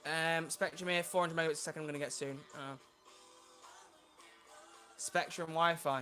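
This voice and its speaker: Young streamer at home, chatty and bright-toned, easily flustered. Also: male voice, a little high, fairly even intonation, moderate pace, pauses often, faint music behind. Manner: chatty, flustered by tech trouble. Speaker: livestreamer. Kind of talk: casual livestream chat.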